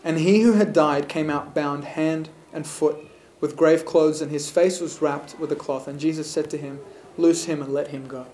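A man reading scripture aloud and pausing to reflect on it in an earnest, heartfelt way. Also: fairly high pitch, steady tone, warm tone, reverberant, slight background noise, poor audio. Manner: earnest, reflective, builds to emphatic moments. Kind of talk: scripture reading with sermon commentary.

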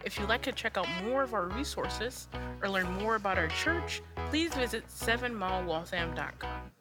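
Lady reading a podcast intro, lively up and down voice, music playing loud under her. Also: mid-range voice, normal speed. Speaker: announcer. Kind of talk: recorded intro announcement.

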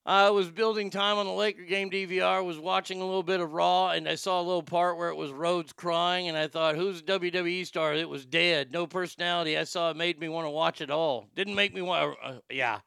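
A man's voice: sits high, steady tone, brisk, vocal fry, hardly any pauses, pushed and bright, smooth, dry recording, studio quality. A man hosting a show with sarcastic, profane ranting commentary and frequent stammered restarts. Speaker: podcast host.

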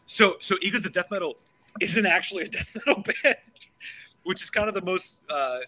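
A man in casual podcast chat, excitable and swearing freely, tripping over his words and restarting often. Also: sits high, moderate pace, rough recording. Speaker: podcast co-host.

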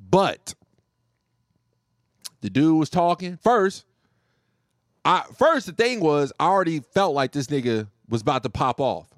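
A man telling a profane, joking story about his telemarketing job, animated and casual. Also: a little high, dry recording, studio quality.

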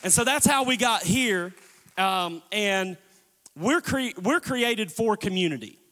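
High-voiced preacher in a reverberant church. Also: male voice, animated, unhurried, bright, forceful tone. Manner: preaching, calls for congregation response. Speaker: pastor. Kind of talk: sermon. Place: church sanctuary.

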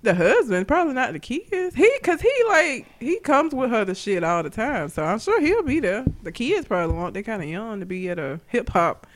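Co-host, casual chat, blunt and profane, laughs a lot, very lively pitch. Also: normal speed, hardly any pauses.

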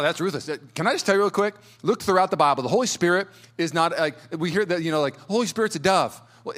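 A male pastor preaching in a casual, energetic way. He restarts his phrases often and stammers as he builds up. His voice sits a little higher than most men's. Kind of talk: sermon.

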